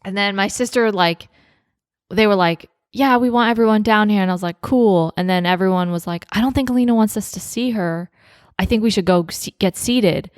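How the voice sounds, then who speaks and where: A woman's voice: mid-range voice, brisk, clean tone, no echo, clean studio sound. A young woman co-hosting a podcast, chatting casually with lots of fillers, swearing and laughter. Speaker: podcast co-host. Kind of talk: casual chat.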